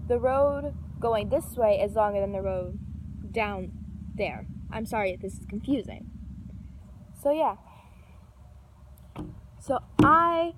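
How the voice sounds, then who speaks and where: Chatty young woman telling a storytime, slightly high. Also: background noise. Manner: animated, yells when reenacting an argument; lots of filler and restarts, swears casually. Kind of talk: casual storytime vlog.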